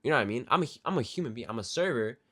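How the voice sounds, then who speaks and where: A young man telling a story from his job as a restaurant server in a casual rant, acting out customers in quick put-on voices. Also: medium pitch, animated, bright, forceful tone, no room sound, clean studio sound.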